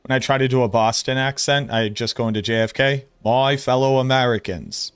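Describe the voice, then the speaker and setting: A male streamer talks in a blunt, excitable rush, swearing freely as he comments. His voice sits at an ordinary middle pitch for a man. The sound is dry and close, with no room echo. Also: quick pace, clear, resonant tone. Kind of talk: casual live-stream commentary.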